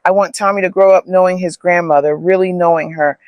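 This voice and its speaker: An earnest grown son, as a man plays him, talking plainly and from the heart about family. The voice is on the higher side, heard dry and close with no reverb. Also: steady tone, fairly quick, dull audio, lightly acted.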